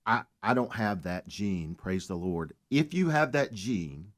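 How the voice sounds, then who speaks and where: A man's voice: lowish voice, very animated, measured pace. A man, a guest on a talk radio show, telling his story earnestly and mentioning his faith.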